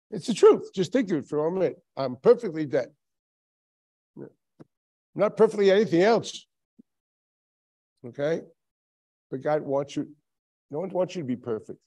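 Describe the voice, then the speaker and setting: A man's voice: fairly high pitch, mellow. A man in his seventies, a rabbi giving a sermon, telling stories with frequent chuckles and rhetorical questions. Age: 70s. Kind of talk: Tisha B'Av sermon.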